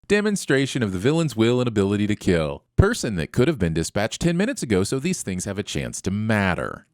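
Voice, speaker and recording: A man's voice: lowish voice, huge pitch swings, a little fast, few pauses, no room sound, studio quality. A man narrating a comedic review show, riffing sarcastically and with mock outrage. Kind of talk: comedic voice-over commentary.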